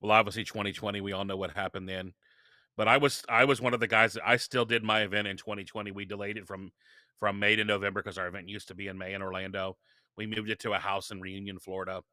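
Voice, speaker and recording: A man's voice: fairly low pitch, fast talker, dry recording, studio quality. A man guest on a podcast, talking casually and telling stories with energy, often restarting his sentences. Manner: energetic storytelling with frequent restarts. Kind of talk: casual interview talk.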